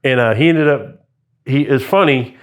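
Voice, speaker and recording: A middle-aged man who once worked as a police sergeant tells long stories from the job in a relaxed interview. He is lively and talkative, often slipping into the voices of officers and dispatchers on the radio. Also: medium pitch, normal speed. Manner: animated anecdotes, acts out radio calls and quotes. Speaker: retired police sergeant, guest. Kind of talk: storytelling in casual interview.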